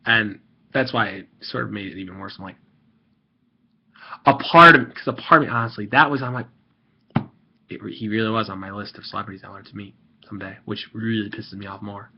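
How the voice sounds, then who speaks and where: A man's voice: on the low side, a little fast, creaky, long pauses, breathy edge, highs cut off. A young man ranting in a rambling, salty and profane way as he gives casual commentary on an online game he was playing. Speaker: gaming video creator. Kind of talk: rambling gaming commentary rant.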